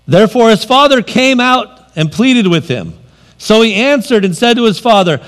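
A man preaching a sermon, expressive, moving between loud emphasis and quiet, dropped asides. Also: high-pitched, moderate pace, smooth.

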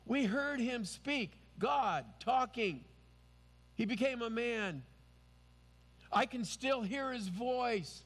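A man's voice: very high voice, expressive, takes it slowly, fairly bright tone, in a large hall. A man preaching a sermon as pastor, earnest and emphatic.

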